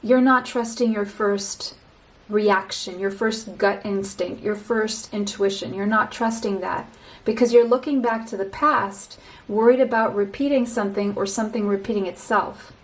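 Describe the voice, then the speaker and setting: A woman gives a pick-a-card tarot reading, addressing the listener directly in a slow, reassuring way and often repeating a phrase. Her voice is medium-pitched and steady, and the recording quality is low.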